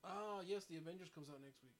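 A man co-hosting a casual podcast chat rambles with lots of fillers and laughs often. He talks fast in a high-pitched voice with vocal fry, over slight background noise.

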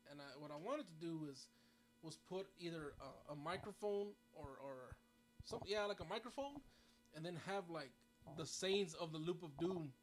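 A man's voice: fairly high pitch, normal speed, soft background music. A man co-hosting a casual podcast chat, rambling with lots of fillers and frequent laughs. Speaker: podcast co-host.

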